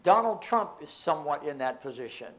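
A man's voice: fairly high pitch, sing-song, brisk. A man preaching a Bible teaching, reading scripture aloud and explaining it with emphatic outbursts.

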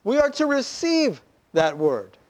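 A man preaching a sermon, telling a story in an animated way and acting out the voices of the people in it. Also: very high-pitched, unhurried. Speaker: pastor.

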